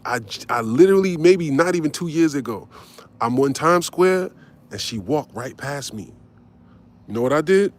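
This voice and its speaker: A man's voice: on the high side, moderate pace. A man in his forties telling a personal story in casual, profane talk, tagging his lines with "right?" and acting out both sides. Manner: animated, swearing, tags lines with "right?".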